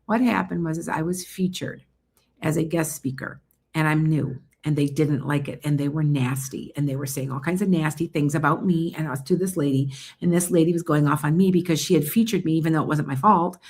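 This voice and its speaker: A woman psychic hosting a casual livestream from home, talking fast in a rambling, animated way. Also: medium pitch.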